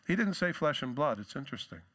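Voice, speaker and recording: A male pastor delivers a sermon in a loose, talky style, dropping jokes and side remarks as he goes. He acts out the quoted lines with lift and force, and his voice stays bright and forceful throughout. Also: medium pitch, sing-song, quick pace. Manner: conversational preaching with asides and jokes.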